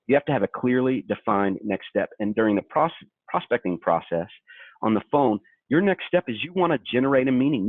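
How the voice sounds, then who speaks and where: A man's voice: on the low side, dry recording. A younger man from Kentucky coaching brokers in a sales webinar, talking emphatically. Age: young adult. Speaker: webinar co-host and sales trainer. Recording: tinny dry phone line.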